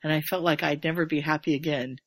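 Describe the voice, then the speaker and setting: A woman voicing a frightened little girl who speaks in a soft, subdued way. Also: low-pitched, steady tone, fast talker, no echo, pitched below the performer's own voice. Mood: scared.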